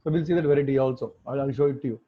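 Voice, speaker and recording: Speaking very fast in a medium-pitched voice, a man teaches an online course. He lays out each point in sequence and keeps tossing in tag questions, and the recording has a muffled, phone-like quality.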